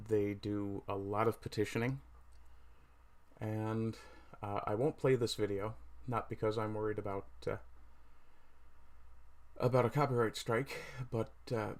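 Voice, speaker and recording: A man hosting a casual livestream, talking with frequent fillers and pauses, with a mic right under his chin. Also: fairly low pitch, steady tone, darkish tone. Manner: hesitant, many fillers, reads chat aloud. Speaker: livestream host.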